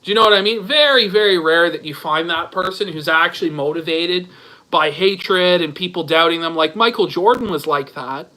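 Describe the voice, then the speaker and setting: A man's voice: on the high side, moderate pace, bright, forceful tone, low-quality recording. A man commentating on another stream in a sneering, profane, mocking way.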